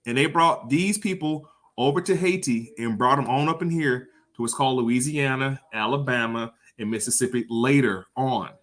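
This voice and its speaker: Animated, profane man lecturing. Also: medium pitch, normal speed, few pauses. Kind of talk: informal lecture with visuals.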